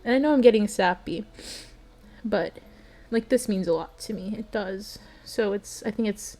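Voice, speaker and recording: A woman's voice: mid-range voice, moderate pace, warm tone. A young adult woman streamer reading a bedtime story and chatting with her viewers, earnest and emotional.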